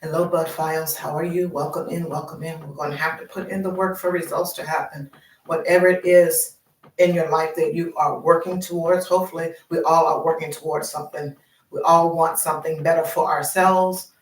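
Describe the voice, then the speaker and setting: A woman's voice: low-pitched, echoey room, recorded from a distance, rough recording. A middle-aged woman chatting live while walking, out of breath, upbeat and encouraging, and she repeats her phrases. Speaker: vlogger.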